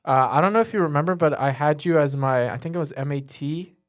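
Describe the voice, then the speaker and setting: A teenage boy, a student guest, answering in a casual interview with an earnest, halting way of talking and many fillers. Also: on the high side. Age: teens.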